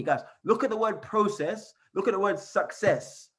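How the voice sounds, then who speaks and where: A man giving an energetic motivational training on a call, repeating and chanting phrases as he coaches his team. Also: high voice, brisk, few pauses. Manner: fired-up, repetitive, chanting phrases. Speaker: network marketing trainer. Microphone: call recording.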